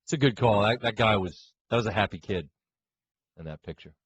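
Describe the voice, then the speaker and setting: A man's voice: on the low side, brisk, a bit bright, a little hiss or hum, low-quality recording. A middle-aged man co-hosting a sports radio show, joking and teasing in casual banter. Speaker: co-host.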